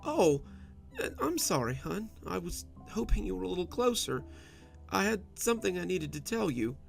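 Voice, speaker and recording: A man's voice: sing-song, normal speed, creaky, faint music behind, exaggerated voice. A man doing a tearful, falsely sweet young wife. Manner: high, overly sweet, breaking voice.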